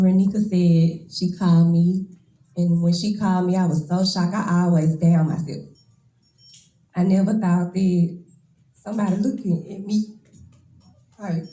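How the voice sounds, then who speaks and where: A woman's voice: fairly low pitch, mellow, echoey room, poor audio. A woman in her twenties gives a nervous, emotional, casual speech as a braider at a hair shop event. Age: 20s.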